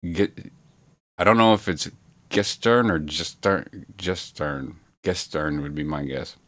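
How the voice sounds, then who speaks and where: Reading his chat aloud from a home studio, a livestream host rambles in a laid-back way and swears now and then. His voice is low and fairly bright, and he takes his time.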